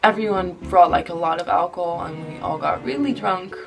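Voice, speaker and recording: A woman's voice: fairly low pitch, fairly quick, gravelly. A woman narrating a confessional storytime and swearing often. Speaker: vlogger. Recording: distant mic with background music.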